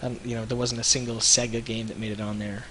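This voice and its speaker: A man in his thirties, co-hosting a livestream, telling rambling animated stories with lots of restarts. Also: medium pitch, quick pace, background noise. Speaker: web show co-host. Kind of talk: casual livestream chat.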